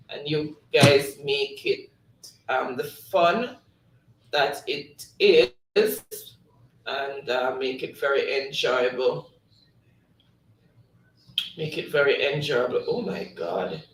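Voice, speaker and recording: A man's voice: a little high, fairly bright tone, reverberant, distant mic, slight background noise, poor audio. A man hosting a livestream, reading chat comments aloud and laughing often. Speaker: livestream host.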